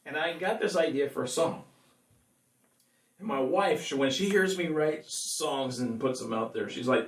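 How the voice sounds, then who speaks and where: A man's voice: on the high side, lively intonation, slow pace, pauses often, a bit bright. Chatty singer-songwriter man, echoey room. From California. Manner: rambling, chatty, laughs often. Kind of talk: casual chat to viewers between songs. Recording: echoey room, mic at a distance.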